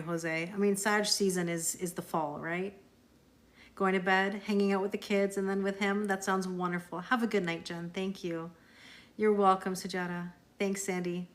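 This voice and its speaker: A woman's voice: medium pitch, level tone, moderate pace. Chatty woman answering live viewers. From Canada. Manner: warm, chatty, reads out and answers viewer comments, laughs often. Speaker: tarot reader live-streaming. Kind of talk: casual live-stream chat with viewers.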